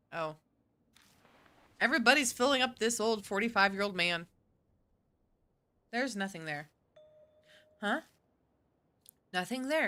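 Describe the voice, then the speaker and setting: A woman's voice: medium pitch, pushed and bright. A woman streaming a visual novel, reading its lines aloud and chatting between them. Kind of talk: casual game stream, reading dialogue with character voices.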